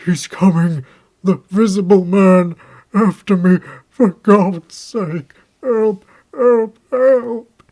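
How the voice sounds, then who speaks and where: A man's voice: fairly high pitch, fairly even intonation, measured pace, a little mellow, voice pushed up, close to an everyday voice. A man reading an audiobook, voicing a terrified male tramp who shrieks and pleads frantically.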